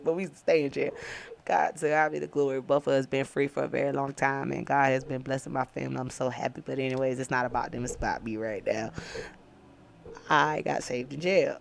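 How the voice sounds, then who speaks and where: Woman host, low raspy voice, animated testimony storytelling. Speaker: podcast host. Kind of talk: personal faith testimony. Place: downtown, indoors.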